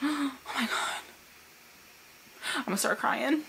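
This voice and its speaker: A woman hosting a music video reaction vlog, gushing and emotional in an excitable, fangirling way over faint music. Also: sits high, slow pace, gravelly, very noisy.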